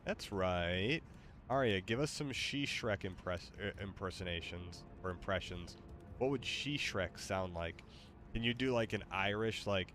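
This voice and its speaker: Bright-voiced, panicky man streamer. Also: deep voice, unhurried, a little hiss or hum. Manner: panicky, exclaiming, joking. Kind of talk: casual game commentary.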